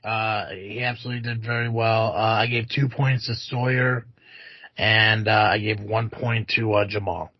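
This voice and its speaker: Husky-voiced male podcast host. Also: lowish voice, normal speed, no room sound. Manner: relaxed, uses many fillers. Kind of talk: casual chat. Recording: dry, lo-fi.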